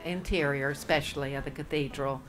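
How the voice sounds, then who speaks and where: American woman, very low voice, hesitant, music playing behind. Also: steady tone, fairly quick, poor audio. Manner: thoughtful, hesitant with fillers. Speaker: interviewee. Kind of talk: casual chat.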